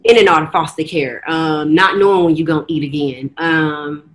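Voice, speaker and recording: A young woman from the United States telling her story in an earnest, fast-flowing way, often slipping into quoted dialogue. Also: deep voice, steady tone. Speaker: guest. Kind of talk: candid personal storytelling.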